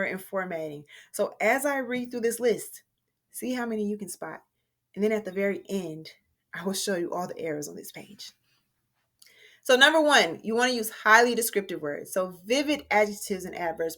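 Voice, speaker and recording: A woman English teacher explaining a writing lesson clearly, with deliberate emphasis. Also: medium pitch, a bit bright.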